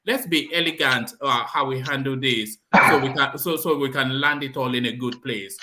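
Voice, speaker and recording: Stammering host calming a panel. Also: male voice, mid-range voice, normal speed, heavy background noise. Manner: stammering, placating, tries to calm things. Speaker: show host. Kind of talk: moderating an online panel.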